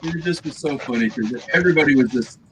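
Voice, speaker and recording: A man hosting a casual reseller livestream chat, telling animated, rambling stories full of acted quotes. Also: a little high, fast talker, slight background noise, low-quality recording. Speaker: livestream host.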